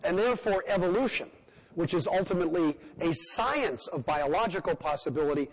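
A man with a fairly high voice delivers a public lecture as a scientist. He speaks in measured, emphatic phrases and poses rhetorical questions. His voice rings out with a long reverb, as in a large lecture hall. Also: lively intonation.

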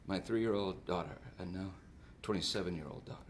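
A man in his fifties preaching a sermon and telling stories, swinging between loud outbursts and soft drops. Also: sits low, normal speed. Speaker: pastor.

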